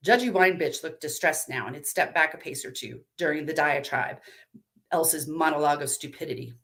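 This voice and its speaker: A woman narrating a dark story at a live reading, in a low, measured voice.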